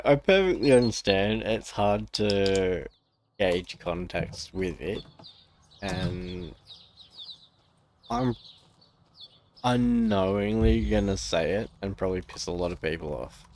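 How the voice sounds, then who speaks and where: A man's voice: fairly low pitch, slow, long pauses, darkish tone, slight background noise. A young Australian man streaming a game, chatting casually, joking, swearing freely and laughing often. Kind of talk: casual gameplay commentary.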